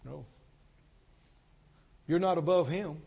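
High-voiced preaching pastor, man. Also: slow, creaky, breathy edge, muffled recording. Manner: swings from shouted declarations to soft pleading; repetitive, call-and-response preaching. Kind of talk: sermon.

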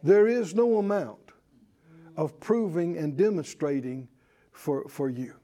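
A man preaching a sermon in a folksy, scolding way, slow and emphatic. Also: on the high side, warm tone.

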